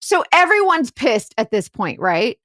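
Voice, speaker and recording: Animated, lively woman telling a case story. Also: a little slow, no room sound, clean studio sound. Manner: animated storyteller, acts out quotes in shrill outbursts, many "like"s and "right?"s. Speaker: podcast co-host and private investigator. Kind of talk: casual storytelling chat.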